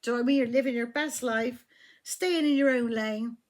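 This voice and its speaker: This tarot reader's voice is fairly high and brisk. She keeps the reading chatty and profane, swearing freely and asking the listener "do you know what I mean" again and again.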